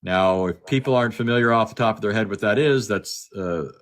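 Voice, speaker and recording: A man's voice: lowish voice, brisk, a bit bright. A man on a phone video call, telling a story in casual talk, with many repeated words and the other speaker's lines acted out. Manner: chatty, repeats words, acts out quoted dialogue. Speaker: guest speaker. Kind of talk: casual storytelling in a live discussion.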